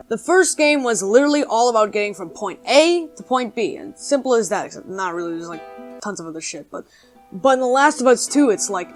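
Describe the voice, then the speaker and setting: A woman's voice: on the high side, animated, brisk, soft background music. A woman YouTuber delivering sarcastic, comedic video essay commentary and swearing casually.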